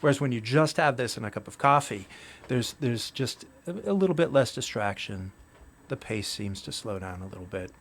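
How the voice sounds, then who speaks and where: A man's voice: medium pitch, animated, normal speed. A man hosting a casual interview who rambles a little and asks his guest questions. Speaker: podcast host.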